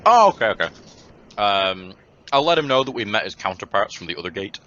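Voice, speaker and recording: A man's voice: lowish voice, big pitch swings, a little fast, pushed and bright, highs cut off, slight background noise. A man playing a tabletop game, describing his actions hesitantly and repeating words. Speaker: player. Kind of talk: casual tabletop game play.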